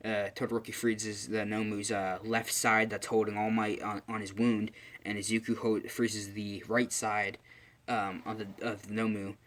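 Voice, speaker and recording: A man's voice: on the low side, level tone, moderate pace, a bit bright. A man casually retelling a fan story, rambling with many fillers and restarts.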